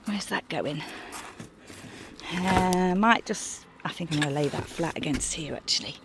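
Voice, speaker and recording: A middle-aged British woman vlogs outdoors beside her campervan as she packs it, narrating casually and cooing at her dogs in a sing-song voice. Her voice is deep and her pace measured, with background noise present.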